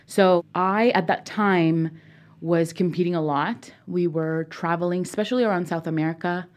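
A woman's voice: fairly low pitch, moderate pace. A young woman from Peru, a native Spanish speaker, telling her story as a guest in a casual interview, chatty and full of fillers.

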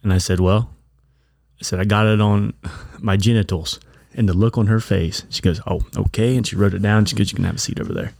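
A blunt, crude man spins a rambling story in a casual podcast chat. His voice sits on the low side and sounds dry and close, with little room around it. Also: steady tone, fairly quick, vocal fry, darkish tone, dry recording. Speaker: podcast co-host. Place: bar.

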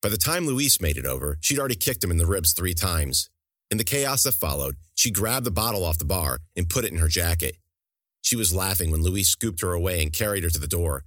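A man with a very low voice reads a gritty crime serial, his pitch swinging widely as he tells it. The sound is close and dry, with no room around it. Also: brisk, no echo. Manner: expressive storytelling. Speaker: author narrating his own serial. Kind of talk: scripted narration.

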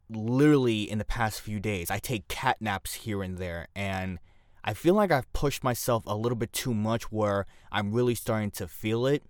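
A man's voice: lowish voice, clear, resonant tone, dry recording, clean studio sound. Groggy, blunt man hosting a podcast. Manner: blunt, opinionated, repeats phrases for emphasis. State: groggy, short on sleep. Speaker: podcast host. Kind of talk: casual podcast chat.

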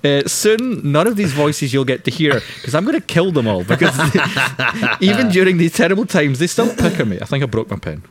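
A man's voice: on the high side, very animated, moderate pace, few pauses, background noise. A young man co-hosting a casual film podcast, teasing the others in a wry, self-mocking way. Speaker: podcast co-host. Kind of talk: casual chat.

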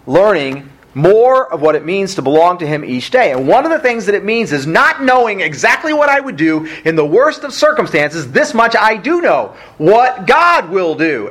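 A man's voice: high-pitched, big pitch swings, normal speed, hardly any pauses, fairly bright tone. A male pastor preaching a sermon at a church service, emphatic, with rhetorical questions and casual asides.

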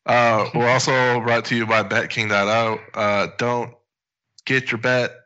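A man's voice: mid-range voice, level tone, measured pace, bright, forceful tone, clear, resonant tone, highs cut off. A man hosting a podcast, laid back and joking, reading ads casually. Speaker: podcast host.

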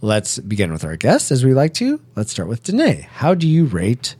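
A man hosting a film podcast in a jokey, animated way. His pitch moves a lot. The sound is dry and close. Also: normal speed, husky, dry recording. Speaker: podcast host.

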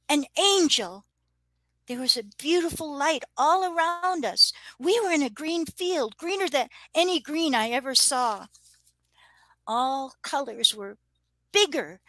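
A woman's voice: high-pitched, pushed and bright, dry recording, voice pushed up, full character voice. A woman voicing a frightened twelve-year-old girl who speaks in a small, murmuring voice.

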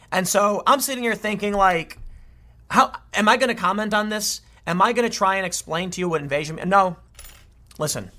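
Man, commentator, exasperated rant, stumbling restarts, bright forceful tone. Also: fairly high pitch. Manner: exasperated, ranting, many restarts. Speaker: political commentator. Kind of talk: casual commentary.

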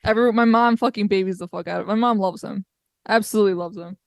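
A woman's voice: medium pitch, quick pace, creaky, no echo, clean studio sound. A young woman, a podcast guest, chatting casually with laughter and swearing as she tells stories about home. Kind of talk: casual chat.

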